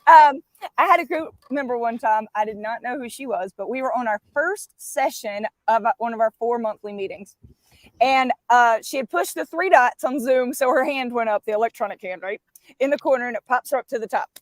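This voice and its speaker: High-voiced woman coach telling lively stories. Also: a little fast, no echo. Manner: animated storyteller, playful asides. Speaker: carnivore diet coach. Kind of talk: casual live-stream chat.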